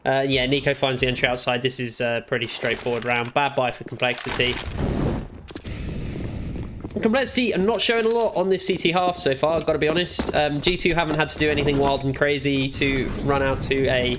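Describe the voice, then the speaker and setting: Over background noise, a man of medium pitch speaks a little fast as he goes through a match recording. This esports analyst keeps his commentary casual, blunt and jokey, leaning on lots of fillers, and he has the hiccups throughout.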